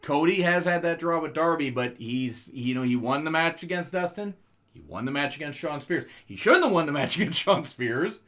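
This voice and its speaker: A man's voice: on the high side, expressive, normal speed, fairly bright tone. Profane, joking man on a podcast. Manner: loose, profane, laughs at his own jokes. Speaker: podcast co-host. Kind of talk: casual wrestling chat.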